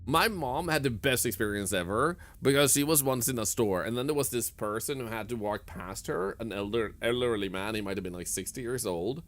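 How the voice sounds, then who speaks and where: A man's voice: medium pitch, brisk, few pauses. A man from northern Sweden with a Swedish accent, chatting casually with his viewers while streaming a game and laughing often. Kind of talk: casual live-stream commentary.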